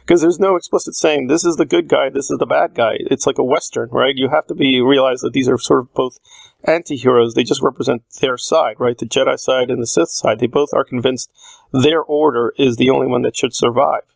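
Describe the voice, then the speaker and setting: A man's voice: medium pitch, steady tone, a little fast, vocal fry, dry recording. A man talking through a casual spoken film essay, thinking aloud with frequent fillers and restarts. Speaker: video essayist.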